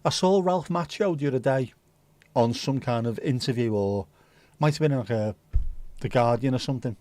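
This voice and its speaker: A man hosts a relaxed livestream, rambling chattily and swearing now and then as he answers viewers' comments. His pitch is middling and the recording is dry and close. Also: normal speed, no room sound. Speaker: livestream host. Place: home livestream setup.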